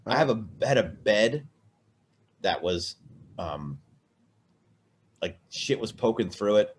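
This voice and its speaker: A man's voice: lowish voice, very animated, slow, slightly rough. A man on a casual podcast, rambling and swearing through a drunken personal chat with many restarts. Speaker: podcast co-host.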